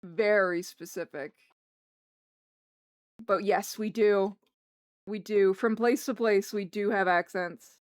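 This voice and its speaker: A woman's voice: mid-range voice, steady tone, slow pace, long pauses, clean tone, no room sound, clean studio sound. A young woman from Canada with a mild Canadian accent, chatting casually with her livestream viewers in a rambling, self-correcting way. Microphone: streaming microphone.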